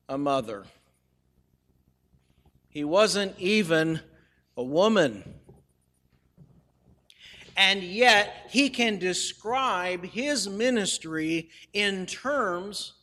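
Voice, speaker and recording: A male pastor delivers a sermon in a high, bright, forceful voice. He speaks in measured phrases with pauses for emphasis and slips in lightly humorous, conversational asides. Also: big-room sound.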